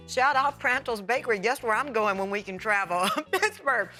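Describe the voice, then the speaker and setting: Her voice sits on the high side, animated, pushed and bright, moving at a moderate pace with hardly any pauses over faint background music. A daytime talk show host, she chats enthusiastically while tasting food, laughing, praising it, and occasionally speaking through a full mouth.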